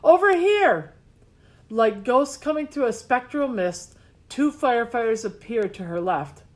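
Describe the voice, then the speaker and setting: Lady narrating a chapter book, clear measured reading, kinda high voice. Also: animated, a little mellow. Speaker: audiobook narrator. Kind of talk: scripted narration.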